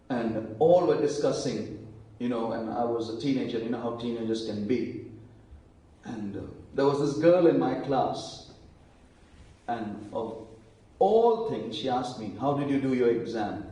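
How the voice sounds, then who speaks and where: A man preaching a sermon, telling stories and acting out quoted lines in hushed voices. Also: medium pitch, unhurried, pauses often. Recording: very echoey hall, voice from a distance.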